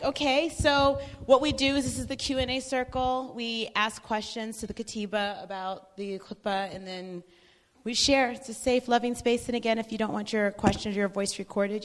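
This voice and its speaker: A woman moderating a group discussion, exuberant and cheering, laughing as she talks. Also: fairly high pitch. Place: mosque prayer hall. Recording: long hall reverb.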